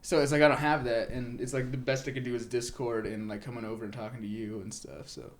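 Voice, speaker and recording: A man's voice: mid-range voice, fairly even intonation, fast. Chatty young man swearing and laughing. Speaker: podcast co-host. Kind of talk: casual chat.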